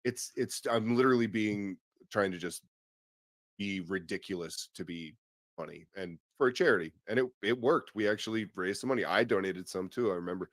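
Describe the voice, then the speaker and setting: A man with a fairly low voice talks briskly on his podcast, rambling and cursing in casual conversation. He restarts often and fills his speech with fillers, and the audio has no echo.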